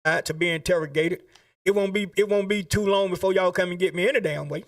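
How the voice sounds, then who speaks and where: A man's voice: high voice, fast talker, recorded from a distance. A man making an impassioned public statement, asking pleading rhetorical questions.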